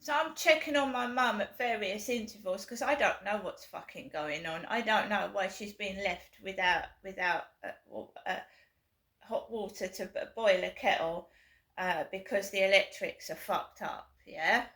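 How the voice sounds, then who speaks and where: A woman's voice: medium pitch, normal speed, fairly bright tone, roomy sound. A British woman in her fifties ranting angrily to camera on her vlog, swearing hard and jabbing with sarcasm. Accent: British English. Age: 50s. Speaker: vlogger. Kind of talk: angry rant to camera.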